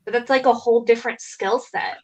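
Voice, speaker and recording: A woman's voice: fairly high pitch, steady tone, brisk, low-quality recording. A woman appearing as a guest on a craft live stream, sympathetic and reassuring toward the host. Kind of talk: casual chat on a live stream.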